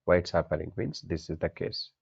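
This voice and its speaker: A man's voice: low voice, fairly quick, vocal fry, breathy edge, highs cut off. A man teaching a programming class, asking his students questions, answering them himself and repeating the key points. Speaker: programming instructor. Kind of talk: classroom coding lecture.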